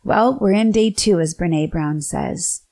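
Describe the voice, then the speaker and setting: A woman's voice: fairly low pitch, takes it slowly, mellow. A woman in her forties hosting a podcast, telling a personal story in an earnest, candid way with some restarts. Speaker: podcast host.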